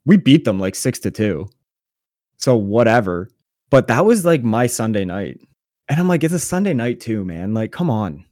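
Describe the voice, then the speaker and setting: A man co-hosting a podcast, telling a story in casual chat with a sarcastic, profane, animated manner. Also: on the low side, normal speed, no room sound, clean studio sound. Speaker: podcast co-host.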